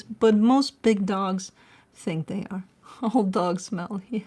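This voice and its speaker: Husky-voiced woman host, casual at-home chatter, playful and profane. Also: medium pitch, takes it slowly, a little mellow. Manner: chatty, swears casually, coos baby talk at her dog. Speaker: tarot reader and channel host. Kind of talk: casual chat to camera.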